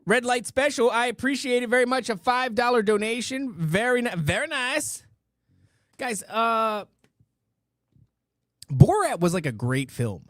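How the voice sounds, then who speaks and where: Guy with a pretty high voice goofing around on a live stream, reading donations, stumbly and jokey, dry close sound. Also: animated, moderate pace, a bit bright, dry recording. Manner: playful, jokey, with repeated silly catchphrases; stammers and restarts while reading amounts. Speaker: podcast host reading out donations. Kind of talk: casual live-stream chat.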